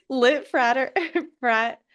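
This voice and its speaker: A woman co-hosting a podcast in casual chat, relaxed and laughing often. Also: sits high. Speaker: podcast co-host.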